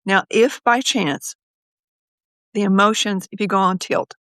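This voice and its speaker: A woman's voice: mid-range voice, measured pace, fairly bright tone, no echo. A woman psychologist speaks as a guest on an interview podcast. She tells her stories with animation and often acts out her own inner voice in quotes. The recording is dry and close, with little room sound.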